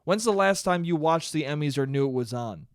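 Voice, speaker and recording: A young man hosting his own podcast, ranting alone in a casual, profane, animated way and calling listeners "dude.". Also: on the high side, fairly quick, no room sound, clean studio sound. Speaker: podcast host. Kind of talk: solo podcast rant. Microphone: studio mic he checks the levels on.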